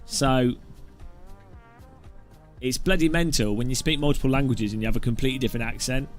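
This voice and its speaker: A man's voice: medium pitch, brisk, long pauses, soft background music. A man from south-east England, chatting casually and jokily with viewers while sim racing at home. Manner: chatty, jokey, rambling. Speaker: streamer and host.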